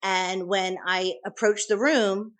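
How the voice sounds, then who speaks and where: A woman's voice: mid-range voice, steady tone, slow, a bit bright. A middle-aged woman, a nurse interviewed as a guest, telling her account in earnest detail with frequent restarts. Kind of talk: conversational interview storytelling.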